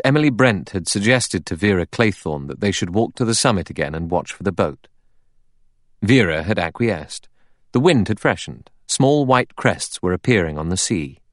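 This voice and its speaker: A low-voiced man narrates a scripted audiobook in clean, dry studio sound.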